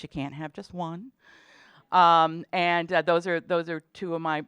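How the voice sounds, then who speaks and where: Middle-aged woman, dean addressing parents, chatty and joking, smooth clear voice, dry sound. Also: on the low side, no echo. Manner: chatty, warm-humored, many fillers. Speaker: dean speaking at orientation. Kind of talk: presentation to parents.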